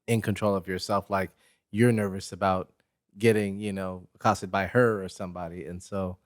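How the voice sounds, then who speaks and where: A man's voice: low voice, little pitch movement, normal speed, dry recording. A man co-hosting a podcast in casual chat, making dry, wry remarks. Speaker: podcast co-host.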